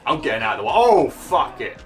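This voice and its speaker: A man giving casual gameplay commentary, chatty and joking, laughing and exclaiming as he plays. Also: a little high.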